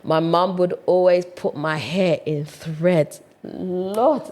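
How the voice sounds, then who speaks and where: A woman from Ghana, chatting casually to viewers in an opinion vlog, animated and full of rhetorical questions. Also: lowish voice, a little slow, hardly any pauses. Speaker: vlogger.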